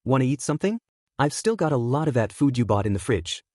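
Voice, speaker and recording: A man's voice: medium pitch, sing-song, fast, darkish tone, dry recording, clean studio sound. Man voicing an anxious, hurting teenage boy villain.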